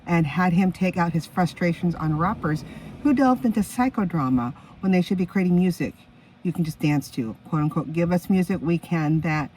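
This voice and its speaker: A woman's voice: lowish voice, expressive, moderate pace, darkish tone, recorded from a distance, slight background noise, poor audio. A woman in her fifties hosting her own music podcast in a chatty, enthusiastic way, stopping now and then to react to her notes. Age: 50s. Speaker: podcast host. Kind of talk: casual solo podcast chat.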